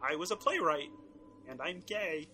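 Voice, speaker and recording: A man's voice: on the high side, very animated, unhurried, heavy background noise. A man voicing a cheerful male frog puppet in a goofy, nasal impression.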